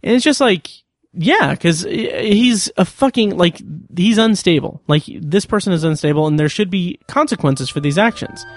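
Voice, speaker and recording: A man with a slightly high voice talks loosely as a podcast host, stumbling through fillers and restarts. The sound is dry and close, with no room around it. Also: lively intonation, normal speed, no room sound. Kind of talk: casual review talk.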